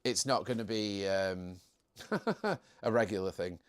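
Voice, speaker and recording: A man's voice: fairly low pitch, animated, slow pace, smooth. A young man hosting a casual live stream, chatting in a jokey way and reading out viewer comments.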